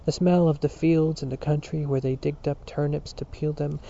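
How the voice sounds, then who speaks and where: A man reading a novel aloud as narrator in a measured storytelling manner. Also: a little high, level tone, creaky, mellow, slight background noise. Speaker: audiobook narrator. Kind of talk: scripted narration. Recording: dull lo-fi recording.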